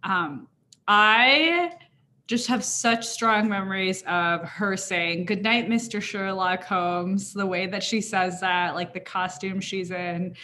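A woman's voice: medium pitch, slow pace, sharp tone, slight background noise. A young woman in casual chat as a podcast co-host, talking with many fillers and frequent laughs.

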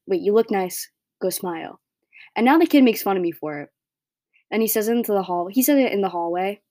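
A woman's voice: medium pitch, mellow. A teenage girl hosting her own podcast, talking in a casual, blunt monologue full of "like" and "right?". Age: teens. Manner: chatty, blunt, heavy use of "like" and "right?". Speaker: podcast host.

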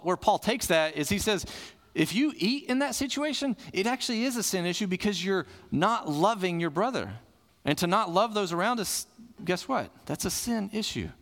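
A man's voice: sits high, fairly bright tone. A male pastor preaching a conversational sermon, asking questions and answering them himself. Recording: long hall reverb.

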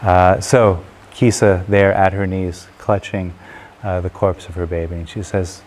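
A man tells a traditional parable in an unhurried, relaxed manner, pausing with fillers now and then. His voice is deep and low. A faint hum of noise sits behind him. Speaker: storyteller. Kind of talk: spoken parable storytelling.

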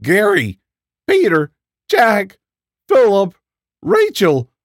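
A man voicing a panicky young man in a spoken horror story, talking in frantic, rushed outbursts. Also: high voice, huge pitch swings, vocal fry, dry recording, clean studio sound, pitched above the performer's own voice, exaggerated voice. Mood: panicked.

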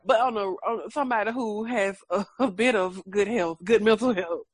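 Frank, animated woman with a lilt. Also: mid-range voice, moderate pace, breathy edge, dry recording. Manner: frank, animated, laughs often, swears freely. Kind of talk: casual chat.

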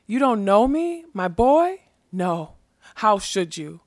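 A woman's voice: mid-range voice, big pitch swings, takes it slowly, a little mellow, no room sound, studio quality. A woman voicing a wheezing, self-pitying old man who wails and screeches. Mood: pleading. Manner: wailing, screechy.

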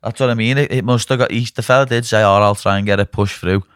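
A man and fighter telling stories in a casual podcast chat, animated and swearing often. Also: lowish voice, quick pace, smooth, no echo, clean studio sound. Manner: animated storytelling, swears often, says "lad" constantly.

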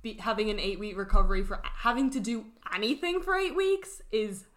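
Bright-voiced woman making wry remarks. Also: medium pitch, brisk. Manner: wry commentary with joking asides. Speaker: podcast co-host. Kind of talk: casual book discussion.

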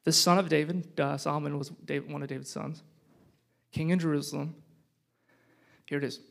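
A man with a notably high voice gives a relaxed, chatty sermon full of asides and jokes. He swings between loud, punchy lines and quiet, hushed reflection. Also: a little fast, creaky. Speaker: pastor. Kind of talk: casual sermon.

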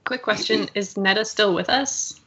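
A woman's voice: medium pitch, normal speed, pushed and bright. A woman player joking around during a tabletop game. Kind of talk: casual tabletop game chat. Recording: faint background noise.

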